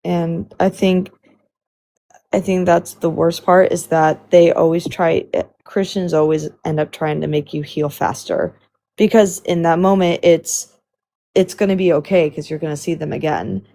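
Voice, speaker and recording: Mellow gravelly woman hosting a talk. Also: on the low side, steady tone. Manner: measured and sympathetic, hedging with fillers. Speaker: live stream host. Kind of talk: reflective conversational commentary.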